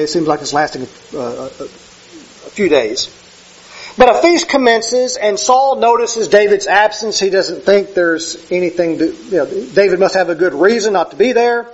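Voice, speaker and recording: Husky high-voiced male preacher. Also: highs cut off. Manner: conversational, self-correcting, acts out quoted speech. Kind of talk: sermon. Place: church sanctuary with slides.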